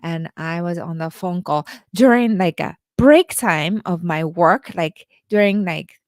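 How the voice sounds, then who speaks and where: Slow-talking woman life coach. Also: on the low side, expressive, a little mellow, no echo, studio quality. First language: Japanese. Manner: halting, many restarts and fillers. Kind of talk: casual storytelling monologue.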